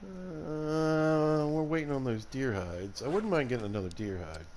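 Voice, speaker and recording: A man's voice: on the high side, animated, unhurried, darkish tone, slight background noise. Joking Southern man streaming a game. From Alabama. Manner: joking, chatty asides to viewers. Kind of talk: casual gameplay commentary.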